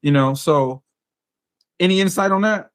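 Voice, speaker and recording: A man hosting a podcast, asking questions in a relaxed, casual way and often chuckling along. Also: high voice, a little slow, smooth, dry recording. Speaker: podcast host. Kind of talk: casual interview chat.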